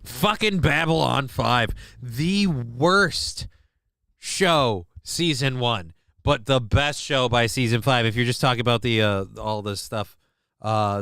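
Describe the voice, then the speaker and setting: Bright, crisp-voiced sweary male streamer. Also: medium pitch, no echo, studio quality. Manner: rambling, sweary, self-mocking. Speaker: streamer host. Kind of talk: casual live-stream chat.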